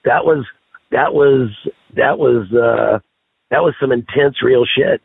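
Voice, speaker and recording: A man on a podcast telling stories in a casual, profane, animated way. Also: medium pitch, slow pace, creaky, husky, no room sound. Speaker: podcast guest. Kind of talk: casual storytelling chat. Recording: tinny phone-line sound.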